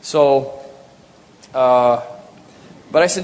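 A man telling a personal story in church, earnest and halting, often repeating his words. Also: mid-range voice, a little hiss or hum. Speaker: speaker sharing a conversion story. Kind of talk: personal testimony. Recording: long hall reverb.

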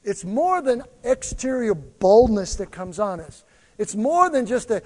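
A man's voice: sits high, unhurried, in a large hall. A male pastor preaching a sermon, telling personal stories and acting out the voices of people in them. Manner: animated storytelling preacher, acting out quoted voices.

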